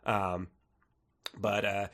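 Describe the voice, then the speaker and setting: A man's voice: fairly low pitch, flat delivery, drawn-out words, a bit bright. A man co-hosting a comedy book podcast, chatting casually, laughing often and reading passages aloud with mock drama. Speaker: podcast co-host.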